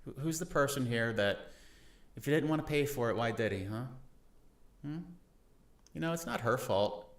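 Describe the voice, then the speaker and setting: A man's voice: mid-range voice, lively intonation, moderate pace. A man hosting a reaction commentary, analyzing a clip in a dry, wry manner. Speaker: commentary host.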